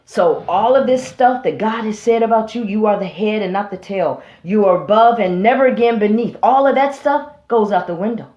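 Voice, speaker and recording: Speaking at a moderate pace with few pauses, this host and preacher has a medium, slightly mellow voice. Her delivery to the audience is emphatic and rhetorical, addressed straight at them, captured in a roomy, somewhat dull recording.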